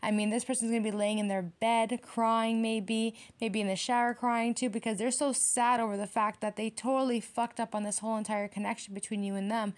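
A woman's voice: on the high side, flat delivery. A woman giving a tarot reading straight to her viewers, blunt and heavily profane, getting heated and repeating herself. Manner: fast, repetitive, direct address to viewers. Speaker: tarot reader.

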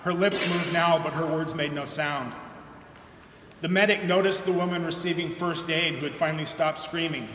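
A man, an author, reading his own novel aloud at a live museum event with steady, measured delivery. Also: on the high side. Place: museum reading event, large indoor hall. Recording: echoey hall reverb, faint room hum.

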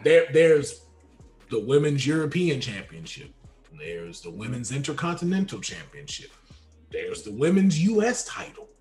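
A man talking as a guest on a casual wrestling chat, emphatic and slangy, repeating words when excited. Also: medium pitch, moderate pace, faint music behind. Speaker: podcast guest.

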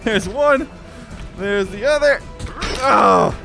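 Young guy yelling at enemies in a vr game, high voice that jumps all over, faint game music behind. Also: normal speed. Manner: excitable, playful, talks to enemies in the game. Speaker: gaming YouTuber. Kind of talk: excited VR gameplay commentary.

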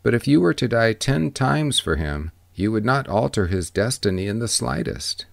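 A man reading the part of a wise old ferryman who speaks calmly, with gentle, measured questions. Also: mid-range voice, vocal fry, no room sound. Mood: counseling. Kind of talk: audiobook reading.

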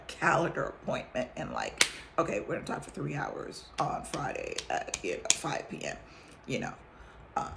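Lively, gravelly-voiced woman talking candidly. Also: on the low side, slight background noise. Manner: candid and chatty, acts out bits of talk, drops to a whisper for asides. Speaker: vlogger sharing her testimony. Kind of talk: casual personal testimony.

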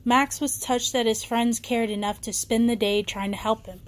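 A woman's voice: a little high, steady tone, moderate pace. A woman reading a children's bedtime story aloud, with occasional small slips and restarts.

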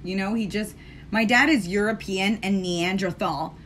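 Sassy, chatty woman with a bright voice. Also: medium pitch, normal speed, slight background noise. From United States. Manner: chatty, sassy, talks straight to viewers. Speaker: live-stream host doing her makeup. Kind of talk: casual live chat.

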